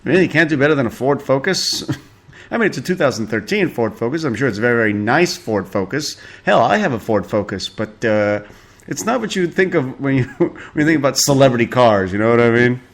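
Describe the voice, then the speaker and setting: A man's voice: mid-range voice, animated, brisk. Sarcastic profane male podcast host. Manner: sarcastic, profane, chuckling often. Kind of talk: casual celebrity gossip commentary.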